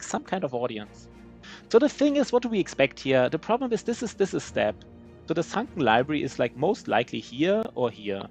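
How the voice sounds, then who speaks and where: A man speaking English with a German accent, his first language being German, narrates his game live as a streamer. He talks at a middling pitch, rambling and joking at his own expense, often restarting his sentences. Faint music plays underneath. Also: gravelly. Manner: rambling, self-mocking, many restarts. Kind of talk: live gameplay commentary.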